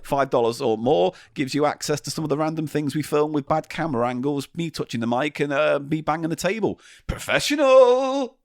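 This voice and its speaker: An English podcast co-host tells stories in casual chat on a comedy show, animated and swearing freely. His voice is fairly high with vocal fry, and he talks briskly with few pauses. There's no room sound.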